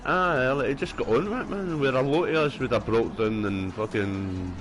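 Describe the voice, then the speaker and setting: A man's voice: mid-range voice, normal speed, fairly bright tone, soft background music. A young man, chatting casually and rambling with lots of fillers and swearing while he plays a game. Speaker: gaming streamer. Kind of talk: casual chat while gaming.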